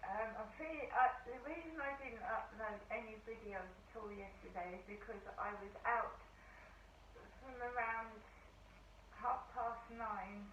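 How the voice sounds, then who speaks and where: A hoarse middle-aged woman chats away to camera in a rambling, diary-like way. Her voice sits a touch high. She sounds set back from the mic in an echoey room, with a dull tone and faint hiss. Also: fairly bright tone, far from the mic. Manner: rambling, chatty storytelling. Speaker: vlogger. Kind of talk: casual diary-style chat. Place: at home in her flat.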